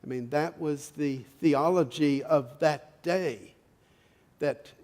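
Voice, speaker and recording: A middle-aged male pastor preaching a sermon, telling stories in a folksy, halting way with many restarts. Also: on the high side, darkish tone. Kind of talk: sermon with storytelling. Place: church sanctuary. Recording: long church reverb.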